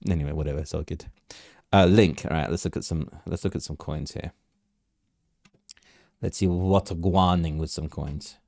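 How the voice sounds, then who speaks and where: A man's voice: a bass voice, steady tone, normal speed, gravelly, pauses often, darkish tone, no room sound, studio quality. A man hosting a live crypto chart stream, chatting loosely, repeating himself and asking viewers for questions. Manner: rambling, repeats words, asks chat for questions. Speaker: crypto livestream host. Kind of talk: casual live market commentary.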